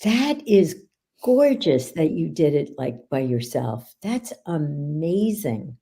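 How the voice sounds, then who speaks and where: Gravelly low-voiced woman, animated storyteller. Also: slow pace. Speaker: guest. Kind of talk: casual podcast conversation.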